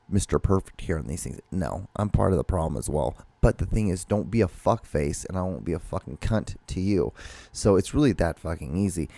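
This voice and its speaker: A young man rambles through a story on his podcast, cursing freely and circling back on his own sentences. His voice sits low and gravelly. The sound is close and dry, with no room around it. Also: mellow, no room sound. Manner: profane, rambling, restarts sentences often. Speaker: podcast host. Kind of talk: casual rambling monologue.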